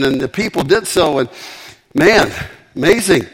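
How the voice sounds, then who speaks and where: A man preaching a sermon with emphatic, animated delivery and frequent repetitions. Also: a little high, a little slow, long pauses, slightly rough.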